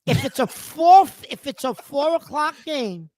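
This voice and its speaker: A man's voice: extremely high pitch, big pitch swings, a little slow, a little mellow, dry recording. A middle-aged man co-hosting a casual podcast chat, telling his habits in a blunt, matter-of-fact way. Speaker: podcast co-host.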